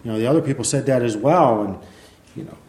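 A man preaching a sermon in a relaxed, conversational way, with many fillers, who reads passages of scripture aloud. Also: mid-range voice, quick pace. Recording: echoey room.

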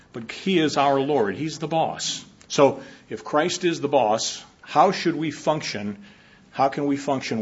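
Husky man preaching a measured sermon. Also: mid-range voice. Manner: measured, reflective delivery with frequent filler and restarts. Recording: dull lo-fi recording.

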